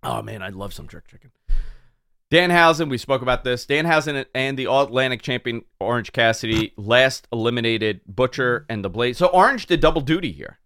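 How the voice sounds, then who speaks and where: Young man, podcast co-host, mid-range voice, animated and rambling. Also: mid-range voice, fairly quick, smooth, no room sound, studio quality. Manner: animated storyteller, trails off and restarts often. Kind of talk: casual chat.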